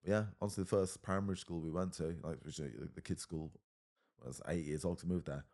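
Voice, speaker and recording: A man's voice: sits low, fairly even intonation, fast talker, a little mellow. A man in his thirties with an English accent, talking bluntly as a podcast guest, swearing often and saying mate a lot. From England. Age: 30s. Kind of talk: casual conversation.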